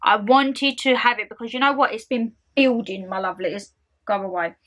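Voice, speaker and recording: A young woman ranting to her vlog camera at home, animated and exasperated, full of slangy asides. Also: fairly high pitch, moderate pace. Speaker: vlogger. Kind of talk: casual ranting chat to camera.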